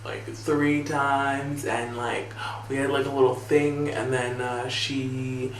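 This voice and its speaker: Hesitant, mumbling young guy, low and quiet, put on by a woman, heard from across an echoey room. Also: level tone, slow, slight background noise. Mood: sheepish. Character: sheepish young man confessing, mumbling. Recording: echoey room, distant from mic.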